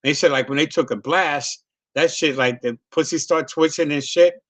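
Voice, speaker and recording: Chatting casually over a video call, a middle-aged male comedian rambles through a swear-filled story, circling around and laughing. He talks at a normal speed in a slightly high voice. The audio is close and dry, without any echo or sense of a room.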